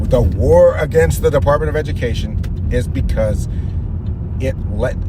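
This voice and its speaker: A man's voice: mid-range voice, noisy background. A young man talking casually while driving, rambling with restarts, frequent laughs and swearing. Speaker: vlogger. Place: in a car.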